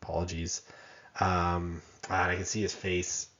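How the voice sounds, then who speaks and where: A man's voice: deep voice, little pitch movement, measured pace, a bit bright, roomy sound, lo-fi sound. A man giving a conversational college lecture, often checking in with "right?" and making self-deprecating asides.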